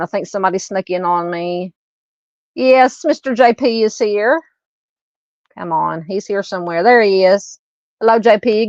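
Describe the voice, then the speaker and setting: A woman's voice: mid-range voice, no room sound, highs cut off. A woman hosting a true crime livestream, chatting with viewers by name and laughing at her own fumbles before reading a case. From Southern United States.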